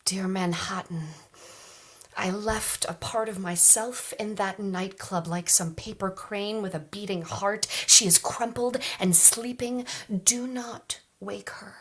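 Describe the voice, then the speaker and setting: Slow, breathy woman reading poetry. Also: mid-range voice, fairly even intonation. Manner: soft, measured, with hushed whispered phrases. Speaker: open mic poet.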